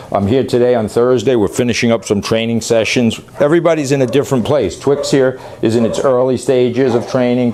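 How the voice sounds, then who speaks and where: A man who runs a dog training facility, talking loosely and excitably as he demonstrates training, now and then yelling playfully. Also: medium pitch. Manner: loose, rambling, excitable, yells playfully at times. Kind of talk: casual on-camera demonstration.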